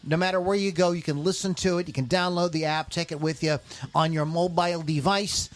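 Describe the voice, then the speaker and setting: High-voiced rambling podcast host man. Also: steady tone, brisk. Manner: rambling and jokey, often laughing at himself. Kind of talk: casual podcast chat.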